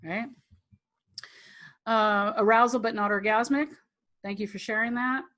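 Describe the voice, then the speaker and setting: A woman's voice: fairly high pitch, fairly even intonation, unhurried, fairly bright tone. A woman teaching a tantra class, talking in a chatty, rambling way, acting out quotes and laughing often. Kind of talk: live online class teaching.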